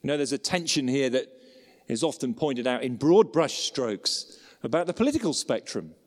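A man preaching a sermon with expressive emphasis and rhetorical questions. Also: mid-range voice, normal speed. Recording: long hall reverb.

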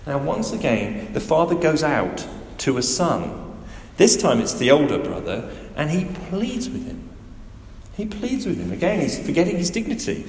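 Animated preacher in a hall. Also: male voice, on the high side, a little fast, slight background noise. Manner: animated, emphatic, asks the listeners direct questions. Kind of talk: sermon. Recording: echoey hall with faint ambience.

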